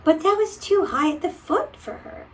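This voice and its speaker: A woman reading a picture book aloud to a child, gentle and often dropping to a whisper. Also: very high-pitched, normal speed, far from the mic, a little hiss or hum, low-quality recording.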